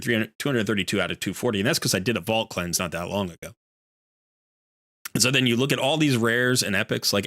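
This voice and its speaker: A man's voice: lowish voice, bright, forceful tone, no echo, clean studio sound. A man hosting a live game stream, chatting casually and rambling with lots of fillers. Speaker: streamer host.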